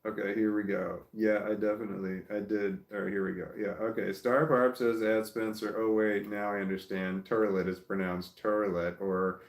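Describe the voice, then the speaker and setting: A man's voice: on the low side, flat delivery, normal speed, hardly any pauses, echoey room. A Southern man with a Southern American accent, casually reading and reacting to live comments in a stop-start, chuckling way. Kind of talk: casual livestream chat.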